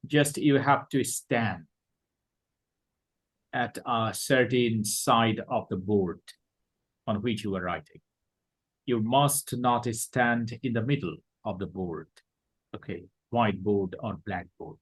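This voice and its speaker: A man with a Bangladeshi accent gives a classroom lecture at an unhurried, measured pace. His voice is a little husky, and he goes over each point more than once. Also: on the low side, low-quality recording. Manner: slow, deliberate, repeats points. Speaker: teacher.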